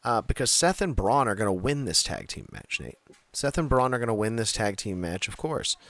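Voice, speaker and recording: A man's voice: on the low side, big pitch swings, fairly quick, a bit bright, dry recording. A man co-hosting a casual wrestling podcast, rambling with many fillers and frequent laughs. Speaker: podcast co-host.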